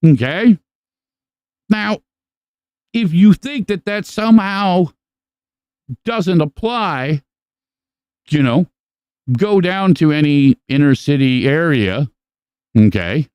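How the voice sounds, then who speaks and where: A man hosts a podcast in loose, casual chat, swearing freely as he rambles through animated stories. His voice is mellow and smooth. The sound is dry and close to the mic. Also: fairly high pitch, slow, long pauses, dry recording, lo-fi sound. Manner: profane, rambling, animated storyteller. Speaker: podcast host.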